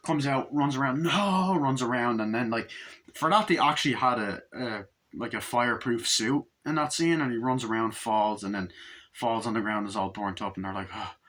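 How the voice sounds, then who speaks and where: A man giving a casual movie review, recapping scenes excitedly with lots of swearing and rambling. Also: mid-range voice, normal speed.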